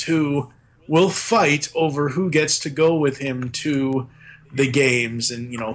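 A man's voice: fairly high pitch, fairly bright tone. A man on a podcast, casually recapping a film's plot with lots of fillers and restarts. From Boston area. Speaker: podcast co-host. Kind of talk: casual movie discussion.

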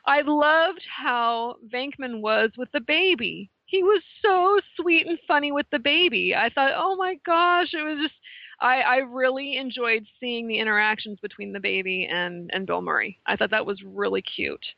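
A woman co-hosting a casual movie talk, chatty and quick to laugh as she retells favorite scenes. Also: on the high side, gravelly, no room sound, dull audio. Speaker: podcast co-host.

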